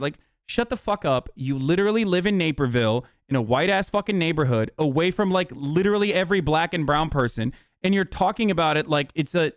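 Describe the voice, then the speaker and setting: Fed-up guy streamer ranting and cursing, smooth voice, dry close mic. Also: a little high, lively intonation, moderate pace, no echo. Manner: heated, exasperated, profane rant with restarts. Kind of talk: live-stream political commentary.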